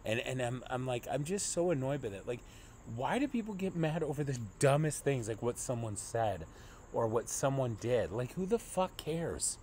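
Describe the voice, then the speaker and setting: A man's voice: medium pitch, expressive, moderate pace, a little mellow, a little hiss or hum. A young man giving a profane, exasperated political rant as a commentary vlogger, mocking and blunt.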